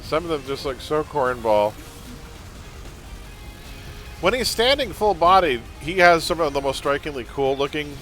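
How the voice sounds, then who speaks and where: A male game streamer talks in a casual, jokey way and laughs easily. His voice sits a little high for a man and swoops around a lot. Soft game music plays underneath. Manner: jokey, chatty, laughs often. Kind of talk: casual live-stream chat.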